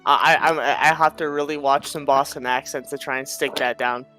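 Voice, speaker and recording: A man's voice: mid-range voice, fairly even intonation, moderate pace, bright, forceful tone, soft background music, rough recording. A man from Minnesota, narrating a tabletop game as game master in a chatty, rambling way. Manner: chatty, rambling with repeated restarts.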